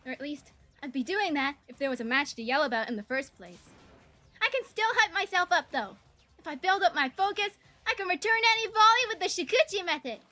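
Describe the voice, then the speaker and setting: A woman voicing a loud, excitable young female tennis athlete in a game, reading the dialogue aloud in a shouting, high-strung way. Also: fairly quick, full character voice. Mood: hyped.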